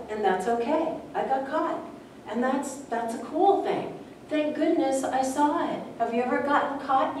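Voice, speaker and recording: A woman's voice: fairly high pitch, darkish tone. A middle-aged woman speaks as a spiritual teacher, sharing a story with her listeners in a loose, heartfelt way, full of "you know"s. Her voice carries a heavy echo, caught from a distance across the room with a faint hum behind it. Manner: conversational, earnest, many "you know" fillers. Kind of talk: informal sermon-style storytelling to a small audience. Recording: echoey room, mic far off, faint noise.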